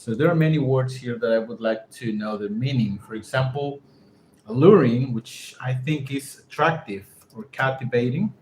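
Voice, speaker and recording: A man's voice: medium pitch, darkish tone. A man whose first language is Spanish reads an article aloud for English practice, stopping often to repeat words and check how they are pronounced. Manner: halting, stops to repeat words and check pronunciation. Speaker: English learner reading aloud. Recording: roomy echo with faint background noise.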